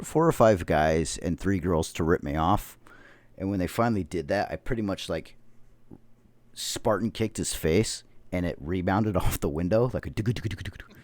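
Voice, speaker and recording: Man, 30s, podcast host, deep voice, dry sound, casual rambling storyteller with heavy swearing. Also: darkish tone, no room sound. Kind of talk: casual chat.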